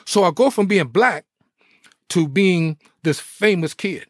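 A middle-aged man, a former pro athlete, telling his life story in a podcast interview with animated, preacher-like energy. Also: high voice, slow pace, no room sound, clean studio sound. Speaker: guest, former pro football player.

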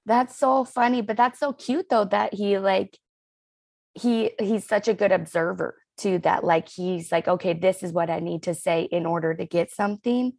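A woman hosting an interview podcast, encouraging her guest and reacting warmly to her stories. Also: medium pitch, normal speed, creaky, no echo. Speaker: podcast host.

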